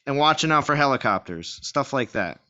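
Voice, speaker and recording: A man chats loosely on a game stream, rambling and circling back over his own words. His voice is bright and forward, at a middling pitch, carried over thin, lo-fi voice chat audio. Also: lively intonation, brisk. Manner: rambling, restarts phrases, laughs along. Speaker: streamer host. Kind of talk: casual voice chat banter.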